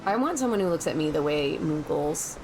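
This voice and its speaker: A woman's voice: deep voice, animated, a little fast, darkish tone, a little hiss or hum. A woman streamer giving casual, amused commentary while playing a game. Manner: chatty and amused, reacting to the game. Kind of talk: casual let's-play commentary. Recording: game music behind the voice.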